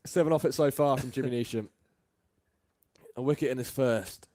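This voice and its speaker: A man from England doing live ball-by-ball cricket commentary, chatty and quick to laugh between deliveries. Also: mid-range voice, dark tone, dry recording, clean studio sound.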